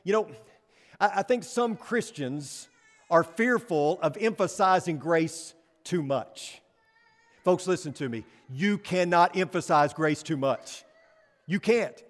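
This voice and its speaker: Emphatic preacher in an echoing church. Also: male voice, high voice, a little slow. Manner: emphatic, with rhetorical questions and shifting loudness. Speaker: pastor. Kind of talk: sermon. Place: church sanctuary. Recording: long hall reverb.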